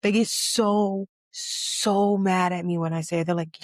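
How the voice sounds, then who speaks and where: A woman's voice: mid-range voice, steady tone, normal speed, few pauses, no echo, clean studio sound. Outspoken woman host, emphatic. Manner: emphatic, outspoken, profane, repeats for stress. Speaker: podcast host. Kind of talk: casual chat.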